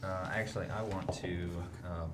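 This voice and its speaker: A man's voice: sits low, steady tone, normal speed. A man playing a tabletop game, laid-back and joking. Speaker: player. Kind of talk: casual chat. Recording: clear background hiss.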